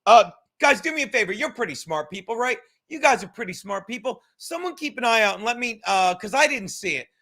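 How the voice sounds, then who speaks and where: A man in his thirties rants on his own podcast from his couch at home, rambling, cursing and getting worked up. His voice sits high for a man, with a bright, sharp edge. It sounds like a home camera setup. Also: expressive, a little fast, few pauses. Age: 30s. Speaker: podcast host. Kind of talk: profane livestream rant.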